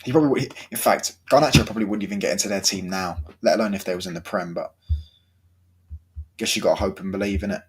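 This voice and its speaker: A man's voice: deep voice, fast talker, husky. A young man chatting casually about football, full of slang and swearing, his throat sore. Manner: slangy, swearing, laid-back banter. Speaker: football vlogger.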